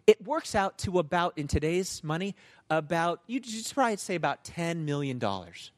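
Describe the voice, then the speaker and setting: A male pastor preaching a sermon in a conversational, animated storytelling manner. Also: on the high side, normal speed.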